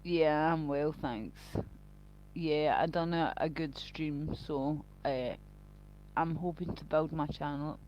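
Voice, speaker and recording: A woman chats live with her stream viewers in a rambling, crude and profane way, speaking slowly in a low voice. The dull, lo-fi home stream audio comes through a cheap built-in mic with slight background noise.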